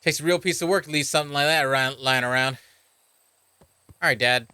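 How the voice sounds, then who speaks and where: A man's voice: fairly high pitch, a little fast, bright, forceful tone, clear, resonant tone, no room sound. A man streaming a game, reacting animatedly and reading its text aloud. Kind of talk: let's play commentary.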